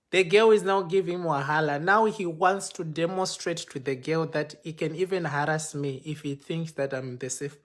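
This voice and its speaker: A man, a pastor, telling a personal story on a livestream, acting out the quoted exchanges with animation. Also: on the high side. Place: home, speaking to a phone for a live video. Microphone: phone microphone.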